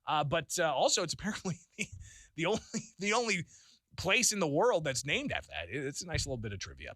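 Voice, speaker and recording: A man's voice: fairly high pitch, very animated, fast, pushed and bright, no echo, clean studio sound. A man hosting a call-in radio talk show, chatty and laughing often, with lots of fillers. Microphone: studio microphone.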